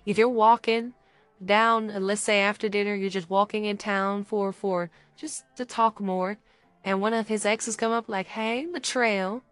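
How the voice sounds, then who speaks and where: A young woman co-hosting a podcast, talking casually and acting out little scenes with quick voices. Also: mid-range voice, level tone, a bit bright, smooth, no room sound, faint music behind. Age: young adult. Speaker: podcast co-host.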